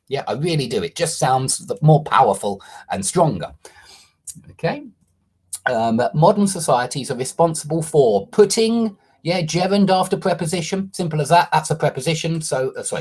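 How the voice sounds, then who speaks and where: A man's voice: on the high side, darkish tone, breathy edge. A man teaching English online, walking through corrections to a student's essay and explaining each change, often checking understanding with a questioning "yeah?".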